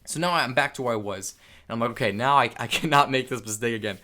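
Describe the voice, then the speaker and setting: A man's voice: mid-range voice, quick pace, slight background noise. A young man vlogging, telling a rambling story with lots of swearing and filler words. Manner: rambling, animated, frequent swearing and "like". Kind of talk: storytelling vlog.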